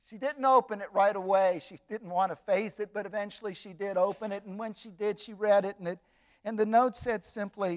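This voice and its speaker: A man telling a story expressively, with dramatic pauses and emphatic repetition. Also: sits high, steady tone, a little mellow.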